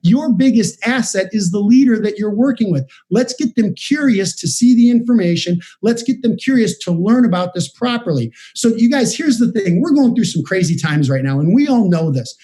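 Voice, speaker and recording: A man giving a direct, energetic motivational training talk, coaching his audience over a video call. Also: high voice, normal speed, few pauses. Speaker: business trainer. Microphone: video call setup.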